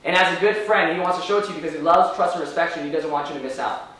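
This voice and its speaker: A man leading a live sales training, energetic and firing rhetorical questions at the room. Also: a little high, rapid-fire. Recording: very echoey room from far off.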